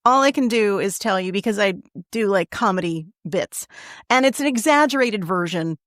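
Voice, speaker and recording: A woman who's both a podcast host and an acting teacher interviews her guest in a casual, chatty way, laughing often and offering short backchannels. Her medium-pitched, fairly bright voice is expressive and moves at normal speed, captured in clean studio sound with no room noise.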